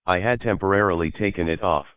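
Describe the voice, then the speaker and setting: A man's voice: low voice, fast talker, no room sound, natural voice. A man voicing an indignant young bride. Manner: indignant, snapping questions. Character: young woman, a bride, flustered and sharp-tongued. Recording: dry, phone-like lo-fi audio.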